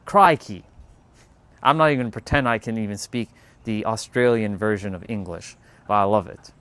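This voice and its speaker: A man's voice: lowish voice, brisk, clean tone. Rambling man on a livestream. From Canada. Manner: rambling, restarts words, loose and candid. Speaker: livestreamer talking to chat. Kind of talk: casual live-stream chat.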